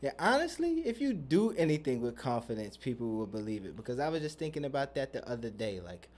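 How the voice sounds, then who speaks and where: A man's voice: mid-range voice, very animated, fast talker, darkish tone. A young man hosting a podcast, talking in a loose, profane, rambling and joking way. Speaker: podcast host. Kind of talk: casual chat.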